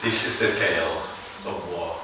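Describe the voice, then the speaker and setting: A man with a non-native English accent giving a seminar lecture, musing slowly and often putting rhetorical questions to his audience. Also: sits low, background noise. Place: large lecture hall. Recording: echoey hall, heard from far off.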